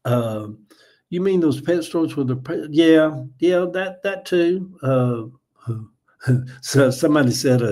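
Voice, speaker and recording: A middle-aged man with a Georgia Southern drawl talks loosely to his viewers and wanders from story to story. His voice sits somewhat high for a man, and he reads comments aloud in an easy, folksy way. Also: expressive, slow pace, a little mellow. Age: 40s or older. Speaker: livestream host. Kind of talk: casual livestream chat.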